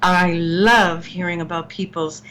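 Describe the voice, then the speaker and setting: A woman's voice: lowish voice, fairly even intonation, unhurried, a bit bright, rough recording. A woman hosting a talk show, chatting casually and laughing easily with her co-hosts.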